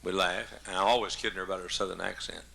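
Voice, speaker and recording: A man's voice: sits low, steady tone, fast, vocal fry, pushed and bright, a little hiss or hum. A man in his seventies, a pastor preaching a humorous sermon in a folksy, joking way, coughing often. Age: 70s.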